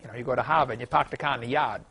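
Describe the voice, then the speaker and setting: A man's voice: mid-range voice, racing, gravelly, pushed and bright, slightly rough. A middle-aged man giving a classroom lecture, folksy and chuckling as he tells anecdotes. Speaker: creation science lecturer.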